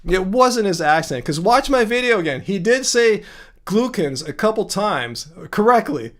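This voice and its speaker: A man's voice: high voice, very animated, normal speed. A man hosting a casual livestream, reading chat comments and arguing his point with sarcastic asides, often chuckling and restarting words.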